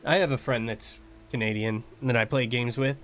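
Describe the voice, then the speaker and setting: An American man talks casually while he plays a game, rambling from one thought to the next. He laughs often. His voice sits at a middle pitch. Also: fairly even intonation, normal speed, a bit bright, a little hiss or hum. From United States. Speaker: streamer. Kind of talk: casual chat while gaming.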